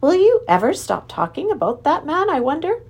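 Woman doing a gentle mom, teasing scold, high swoopy voice. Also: very animated, moderate pace. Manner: gentle, lightly admonishing. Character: gentle mother, mildly scolding.

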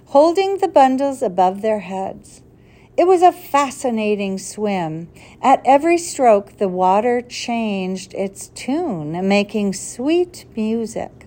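A woman reading a children's adventure story aloud with an expressive, deliberate delivery. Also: a little high. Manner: expressive, deliberate read-aloud with a slip corrected.

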